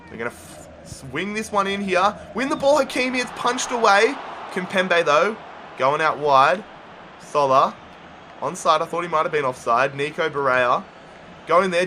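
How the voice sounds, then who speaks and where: A gaming YouTuber with a high, bright voice gives excited play-by-play, swinging from muttering to shouting whenever a goal comes. There's a little hiss or hum in the audio.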